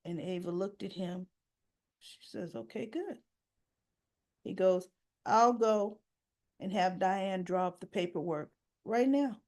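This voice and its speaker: A woman's voice: medium pitch, slow, pauses often. A woman recapping a soap opera episode, casually retelling each scene and acting out the characters' lines. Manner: animated, acts out the lines.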